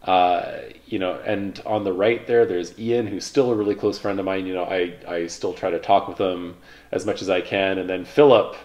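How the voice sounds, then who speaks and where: A man in his thirties casually telling stories about his past, relaxed and rambling, with lots of fillers. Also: low voice, normal speed. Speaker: vlogger, pilot. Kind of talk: casual reflective storytelling.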